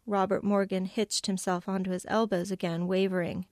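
A woman author reading a passage from her novel aloud, measured, lightly voicing the characters' lines. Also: mid-range voice, level tone, a little mellow, no echo, studio quality. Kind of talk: literary reading.

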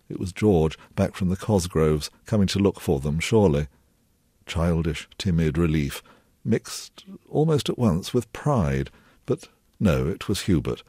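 A novelist reading a passage of his own fiction aloud in a measured, low-key way. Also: warm tone, husky, no room sound, studio quality. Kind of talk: literary reading.

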